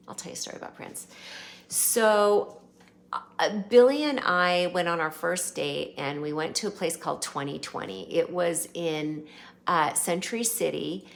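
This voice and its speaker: A woman hosting her channel, casually telling viewers an animated, rambling story. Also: on the low side, creaky. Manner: chatty, animated, rambling anecdotes. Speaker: channel host.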